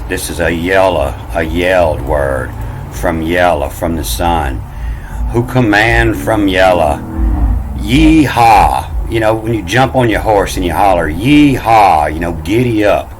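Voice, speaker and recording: A man's voice: sits low, normal speed, noisy background. A man casually explaining old words from scripture, meandering, often repeating himself and saying "you know.". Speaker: self-taught bible language commentator. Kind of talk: casual rambling explainer talk.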